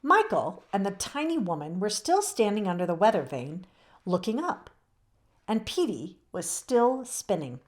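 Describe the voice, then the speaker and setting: A young adult woman reads a children's chapter book aloud for a storytime channel. Her voice moves lively up and down through the narration, with a medium pitch. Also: unhurried. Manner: warm, expressive storytelling. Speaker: read-aloud host.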